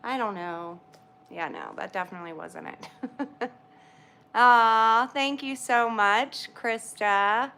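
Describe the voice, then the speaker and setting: A woman's voice: fairly high pitch, lively intonation, slow pace, bright, forceful tone. A woman, chatting casually with livestream viewers, greeting them by name and laughing often. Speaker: livestream host.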